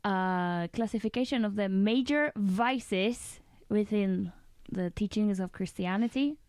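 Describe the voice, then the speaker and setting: Smooth-voiced Spanish woman podcast host. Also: medium pitch, unhurried, darkish tone, no echo. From Spain. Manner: laughs often, teasing. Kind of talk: casual podcast chat.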